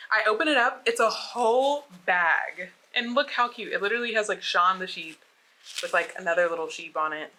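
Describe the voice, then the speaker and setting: A woman's voice: mid-range voice, moderate pace, bright, forceful tone. A young adult woman from the United States, chatting casually and bubbly while unboxing, with many filler words. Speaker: vlogger.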